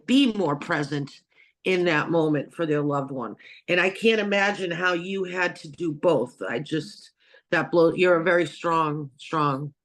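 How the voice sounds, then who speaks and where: Woman, interview host, earnest, rambling, restarts a lot, video call audio. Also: fairly low pitch. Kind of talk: casual interview chat.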